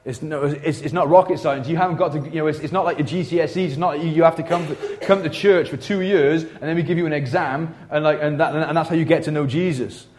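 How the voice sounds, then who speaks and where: A man preaching a sermon in a church, conversational and animated, swinging from loud to hushed. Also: on the high side, fast talker, hardly any pauses, slight background noise. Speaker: pastor.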